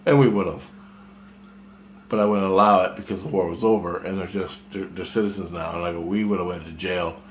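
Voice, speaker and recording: A deep, low-pitched man telling a long personal story to camera. He talks loosely and profanely, often trails off mid-thought, and is backed by a faint ambient hum. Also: steady tone, a little fast, reverberant. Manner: casual, profane, trailing off with fillers. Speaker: vlogger. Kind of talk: rambling personal monologue.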